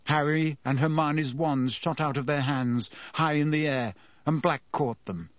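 A man reading a story aloud in measured scripted narration. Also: a little high, no room sound. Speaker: audiobook narrator.

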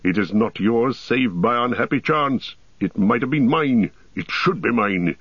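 A man's voice: mid-range voice, expressive, unhurried, husky, no room sound. A man voicing a proud, volatile tall warrior who speaks in an impassioned, declamatory way. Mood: furious. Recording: dull, dry audiobook recording.

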